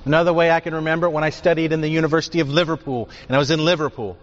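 A man's voice: on the high side, steady tone, racing. A man preaching a sermon, teaching emphatically and asking his listeners rhetorical questions. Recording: dull sound with long hall reverb.

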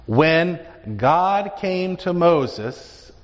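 A man's voice: a little high, animated, very slow. Emphatic male Bible teacher in a hall. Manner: emphatic, explanatory, rhetorical questions. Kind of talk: classroom Bible lecture. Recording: dull recording with hall reverb.

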